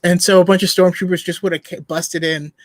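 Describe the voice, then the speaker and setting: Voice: medium pitch, flat delivery, a little fast. A podcast host in casual chat, reading listener comments aloud and giggling often.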